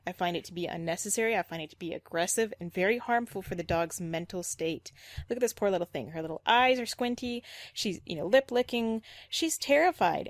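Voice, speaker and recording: A woman's voice: on the low side, dry recording. A woman dog trainer giving reaction commentary, critical and explanatory, repeating her points firmly.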